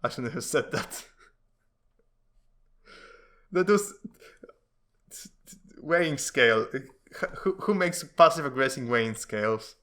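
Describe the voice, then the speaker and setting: Man, bright voice, casual comic reading, quick character voices, laughs, rambling asides. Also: mid-range voice, expressive. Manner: reads dialogue with shifting voices, laughs often, rambling asides. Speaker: YouTuber reading comic strips aloud.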